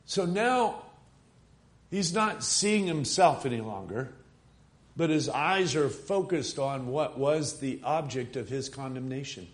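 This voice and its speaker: A male preacher delivers a sermon in an ordinary middle-pitched voice. He narrates a story in a conversational way and pauses to put rhetorical questions to his listeners. He swells into strong, pleading exhortations. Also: animated. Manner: builds from quiet musing to rising, emphatic appeals.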